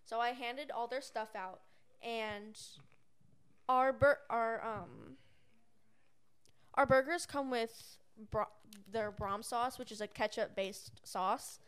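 Young woman, clear and fairly high voice, chatty and rambling storyteller. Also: slow. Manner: rambling, many fillers and restarts. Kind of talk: casual storytelling chat.

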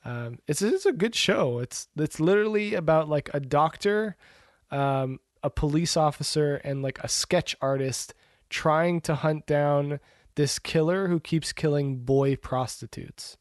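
A man co-hosting a casual podcast, rambling in a relaxed way with many fillers. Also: fairly high pitch, measured pace, dry recording, clean studio sound. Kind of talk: casual chat about movies and shows.

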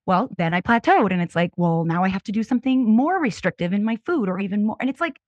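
A woman's voice: medium pitch, expressive, fast talker, a little mellow, no echo, highs cut off. A woman in her thirties, a podcast guest, telling her own story in an open, earnest way. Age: 30s. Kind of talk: candid personal testimony.

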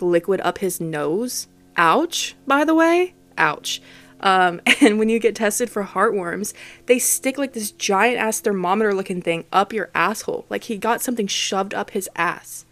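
A woman vlogger telling a casual, candid story, rambling with lots of "like" and some swearing. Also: mid-range voice.

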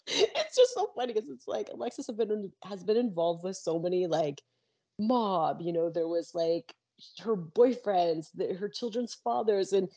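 A woman's voice: mid-range voice, expressive, unhurried, dark tone. A woman co-hosting a podcast, chatting casually about a soap episode and laughing a lot. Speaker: podcast co-host. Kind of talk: casual recap chat.

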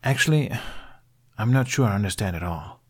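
A man's voice: on the low side, animated, a little fast, slightly rough. A man doing a resentful, hurting young male apprentice, voice lifted and strained, storybook reading. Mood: uncertain. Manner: sulky, pleading, voice rising when upset.

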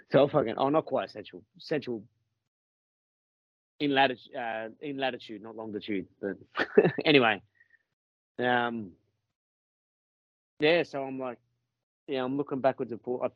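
Animated Australian man telling a story. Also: medium pitch, a little slow, pauses often, dry recording. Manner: animated, swears freely, laughs through his story. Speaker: podcast guest. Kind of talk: casual storytelling. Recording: muffled lo-fi, dry.

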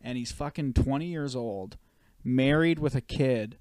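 This Canadian man in his thirties co-hosts a podcast, spinning long, rambling stories laced with swearing in casual chat. His voice is medium in pitch, a little slow and a little mellow, with no echo.

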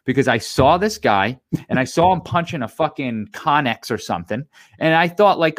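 A man co-hosting a casual podcast, ranting in an animated, profane way. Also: fairly high pitch, normal speed. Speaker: podcast co-host. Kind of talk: casual chat.

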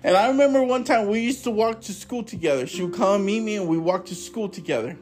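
A man's voice: sits high, quick pace, a little mellow, soft background music. A man preaching with fervor and telling personal testimonies, repeating his praises and calling listeners brothers and sisters. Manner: impassioned, repetitive, addresses listeners as brothers and sisters; conversational storytelling with restarts. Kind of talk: fervent evangelical preaching and testimony.

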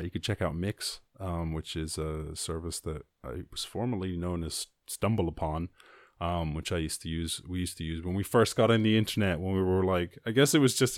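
A man's voice: low voice, a little mellow, dry recording, studio quality. A male podcast host freestyle rhyming in a playful, rambling way, then chatting casually. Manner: playful, rambling, breaks off laughing at his own rhymes.

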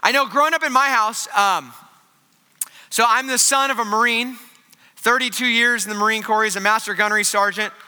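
High, very bright-voiced male pastor. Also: brisk, clear, resonant tone, big-room sound. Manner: casual, joking, conversational preaching with many fillers. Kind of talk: sermon.

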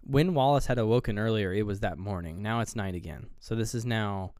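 A man's voice: lowish voice, brisk, clean tone, no room sound, studio quality. A man co-hosting a movie podcast, retelling scenes in casual chat, swearing often and acting out the characters. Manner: animated, swears a lot, acts out scenes in voices. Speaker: podcast co-host.

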